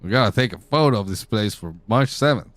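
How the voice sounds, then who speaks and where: A man's voice: fairly low pitch, animated, a little fast, fairly bright tone, no room sound. Joking man streaming a game. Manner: joking, irreverent, rambling. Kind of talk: casual game commentary.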